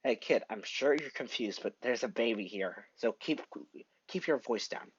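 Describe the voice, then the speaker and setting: A man voicing an easygoing grown man who talks low and casually. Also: moderate pace, breathy edge, no room sound, lo-fi sound, natural voice. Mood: hushed.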